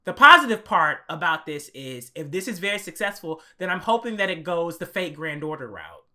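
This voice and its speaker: A young man co-hosting an anime podcast, telling a story in an animated, profane way and acting out his own reactions. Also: a little high, fairly quick. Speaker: podcast co-host. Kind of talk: casual podcast chat.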